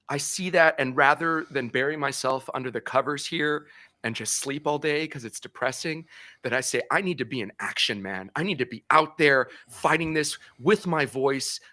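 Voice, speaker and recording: A man guesting on a talk show as an independent journalist, speaking earnestly and growing emotional as he talks. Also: sharp tone. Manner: earnest, grows impassioned and tearful, pitch rising. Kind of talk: emotional conversation.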